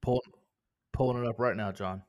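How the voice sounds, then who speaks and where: A male podcast co-host in loose, joking chat, playful as he reads out listener reviews. His voice sits at a typical male pitch. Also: steady tone, moderate pace.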